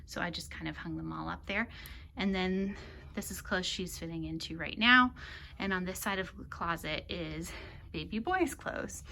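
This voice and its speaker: A young woman, pregnant and out of breath, giving a chatty, breathy walkthrough of a child's bedroom. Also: on the low side, moderate pace, sharp tone. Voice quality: breathy, half-whispered at times. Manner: chatty, explaining as she goes. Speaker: vlogger. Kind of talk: casual room-tour walkthrough.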